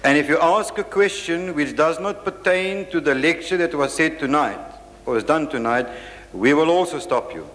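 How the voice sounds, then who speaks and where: A man's voice: on the high side, moderate pace, a bit bright. A man chairing a question session, firm and insistent, cutting speakers off. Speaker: lecture chairman. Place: lecture hall. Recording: echoey hall.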